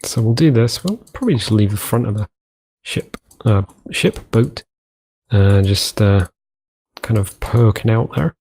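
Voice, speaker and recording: On a let's-play channel, a young male host talks a little slowly in a lowish, expressive voice with a warm, slightly rough tone. His casual commentary wanders as he mutters to himself and repeats words while working.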